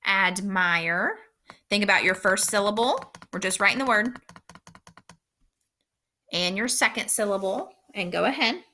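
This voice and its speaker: Woman teacher doing a phonics video, bright voice, slow clear delivery, says every word twice. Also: medium pitch, a little hiss or hum. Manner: slow, clear instructional pacing with repeated words. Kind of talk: recorded phonics lesson.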